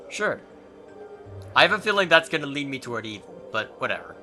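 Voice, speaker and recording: Casting: relaxed, wry male let's-play host, lively pitch, game music underneath. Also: fairly quick. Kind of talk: casual game commentary and dialogue reading.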